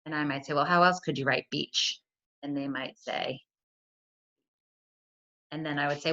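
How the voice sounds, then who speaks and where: A woman's voice: low-pitched, fairly even intonation, moderate pace, long pauses, bright, forceful tone. A middle-aged woman, a school curriculum coordinator, talks parents through spelling strategies in a conversational way, often checking in with "right?". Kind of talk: friendly teaching walkthrough for parents. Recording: dull lo-fi computer audio.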